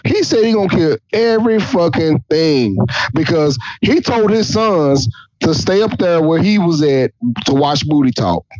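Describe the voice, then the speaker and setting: A man's voice: on the high side, lively intonation, measured pace, a little mellow, dry recording. A man hosting a casual podcast, reading scripture aloud and mocking it in an irreverent, profane, joking way. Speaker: podcast host. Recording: dull lo-fi dry recording.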